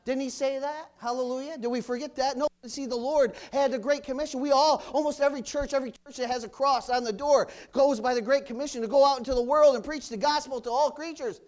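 A male pastor preaching a loud, fiery sermon in church, punctuated with hallelujahs. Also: extremely high pitch, steady tone, fast talker, few pauses.

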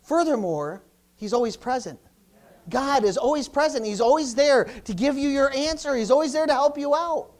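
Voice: sits high, animated, normal speed. A pastor preaching a sermon to a congregation in church, often restarting phrases and calling out "amen?" and "praise the Lord".

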